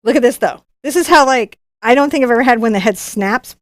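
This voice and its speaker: Woman, artist host, casual live unboxing, bubbly, chatty, restarts a lot, higher-pitched voice, dry sound. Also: a little fast, dry recording. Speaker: professional artist and channel host.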